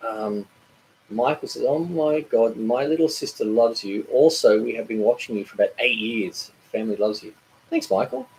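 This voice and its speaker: A man's voice: medium pitch, a little mellow, slight background noise, poor audio. A middle-aged man hosting a casual live stream from home, reading viewer comments aloud, rambling and stumbling over repeated words. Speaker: cooking channel host.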